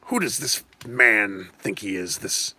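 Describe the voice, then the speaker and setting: A deep, drawling voice that mocks and grumbles, as a man puts on a friend's voice for a laugh. It sits well below his usual pitch. The sound is dry and close. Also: lively intonation, slow pace, sharp tone, husky, no room sound, heavily acted. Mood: mocking. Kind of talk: live stream joke impression.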